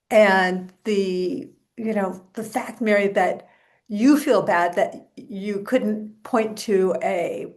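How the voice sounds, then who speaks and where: An older woman in a casual panel discussion over a video call. She talks in a wry, reflective way and laughs softly. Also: mid-range voice.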